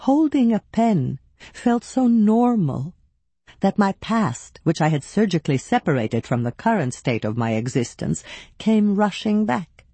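A woman narrating a first-person audiobook in an expressive, measured storytelling style. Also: mid-range voice, breathy edge, no echo. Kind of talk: scripted narration.

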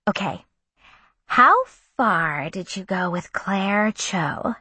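A bossy teenage girl nags and prods the others, insistent and teasing, as a woman narrator reads her lines in a soft, breathy storybook voice. The recording is dry and close. It moves at a slow, unhurried pace. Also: medium pitch, lively intonation, no echo, heavily acted.

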